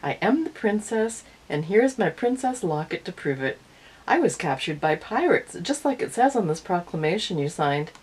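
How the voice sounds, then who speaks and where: A woman voicing a bold, bossy young pirate girl in a storybook reading, with a husky voice and lively pitch. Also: moderate pace, low-quality recording. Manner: commanding, brash.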